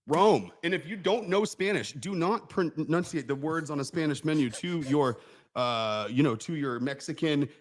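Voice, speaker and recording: A man co-hosting a casual livestream chat, talking in a relaxed, hesitant way with lots of fillers. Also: fairly high pitch, moderate pace. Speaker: co-host.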